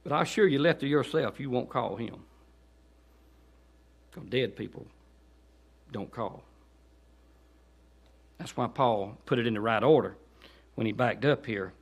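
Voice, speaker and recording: A man with a Southern accent preaching a guest sermon in a church, dropping to quiet asides and then rising into loud, pleading exhortation. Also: a little slow, gravelly, pauses often. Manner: swings from low conversational asides to high shouted pleading. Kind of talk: Baptist sermon. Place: church sanctuary.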